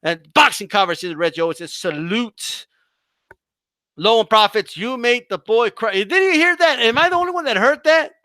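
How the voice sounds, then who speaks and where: A man's voice: extremely high pitch, animated, fairly quick, few pauses, bright, forceful tone, no echo. A man hosting a boxing livestream, ranting heatedly with profanity and stammering restarts.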